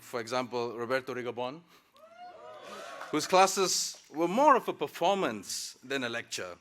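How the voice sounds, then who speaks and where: A man's voice: medium pitch, fairly bright tone. A man from Malaysia giving a reflective, lightly humorous graduation speech to his classmates at a ceremony. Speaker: graduating student speaker. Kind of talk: convocation speech. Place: ceremony hall.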